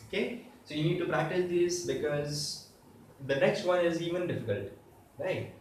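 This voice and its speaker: Man, language teacher, patient drilling of sounds, slightly high voice, distant mic. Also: slight background noise. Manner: patient, repeats each sound slowly for drilling. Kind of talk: step-by-step language lesson. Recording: very echoey room, voice far from the mic.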